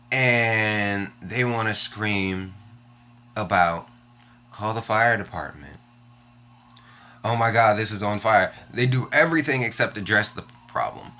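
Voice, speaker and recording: A fairly low, bright, forceful male voice belongs to a young vlogger from Washington, D.C. He's swearing a lot and venting his frustration bluntly in an angry personal rant.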